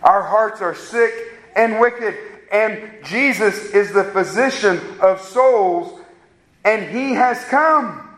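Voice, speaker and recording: Man, pastor, earnest sermon, rhetorical questions, high-pitched voice, echoey room. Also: slow pace, a bit bright. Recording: roomy echo.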